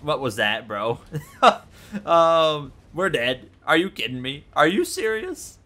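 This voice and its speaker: A man giving excitable, jokey let's-play commentary on a racing game, yelping and repeating himself when things go wrong. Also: on the high side, slow. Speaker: gaming YouTuber.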